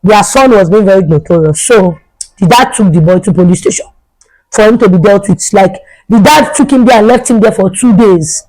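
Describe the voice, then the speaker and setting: A woman's voice: medium pitch, normal speed, darkish tone, low-quality recording. A young adult woman, a vlogger telling a storytime tale in a chatty way and repeating herself for emphasis. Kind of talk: storytime vlog.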